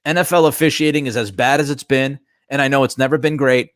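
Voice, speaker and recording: A man hosting a sports talk show, delivering animated, emphatic commentary and ranting about officiating. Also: medium pitch, fast talker, smooth, no room sound, clean studio sound. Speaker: sports radio host.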